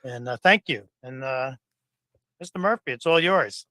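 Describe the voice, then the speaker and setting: Male host, thanks guests, dry close sound, mid pitch. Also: expressive, normal speed, pushed and bright, no room sound. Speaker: show host. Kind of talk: wrapping up a show.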